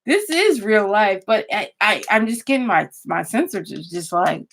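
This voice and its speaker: A woman's voice: medium pitch, big pitch swings, moderate pace, creaky, fairly bright tone. A woman vlogger chatting casually at her computer, rambling and restarting her sentences as she thinks aloud. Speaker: YouTuber. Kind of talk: casual vlog chat.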